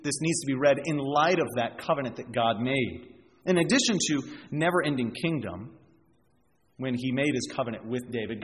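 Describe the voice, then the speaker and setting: Emphatic preacher man in a reverberant hall. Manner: emphatic, rising on key phrases and dropping low for quieter asides. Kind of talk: expository sermon. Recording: reverberant hall with faint noise.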